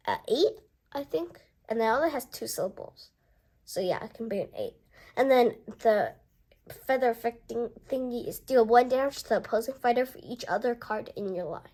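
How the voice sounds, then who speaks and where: A young woman casually unboxing a board game and reading its cards aloud, chatty and excited as she goes. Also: on the high side. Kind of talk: casual unboxing and card review.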